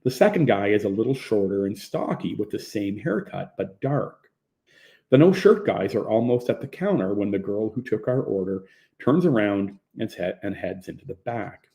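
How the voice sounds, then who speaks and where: A man narrating his own memoir as an audiobook in a plain, low-key manner. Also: lively intonation, moderate pace, mellow. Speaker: author reading his own book.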